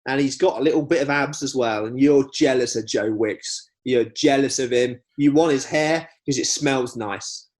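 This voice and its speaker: A man's voice: medium pitch, moderate pace, hardly any pauses, a little mellow. A man co-hosting a comedy podcast from home over a video call, teasing his friend in a playful, jokey way. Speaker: podcast co-host. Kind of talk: casual comedic chat.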